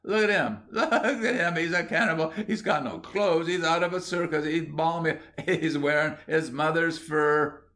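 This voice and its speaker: A man reading an audiobook, voicing a crowd of small boys shouting derisive taunts. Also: a little high, moderate pace, few pauses, voice pushed up. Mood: jeering. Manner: derisive, shrieking.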